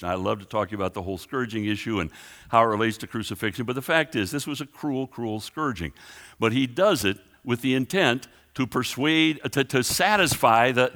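A man preaching a sermon in a lively, conversational way, often restarting and adding asides. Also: medium pitch.

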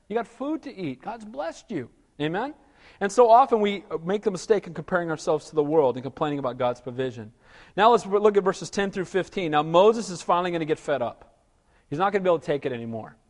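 A man preaching a sermon as pastor, animated, asking rhetorical questions and acting out whiny voices. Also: high-pitched, long reverb tail.

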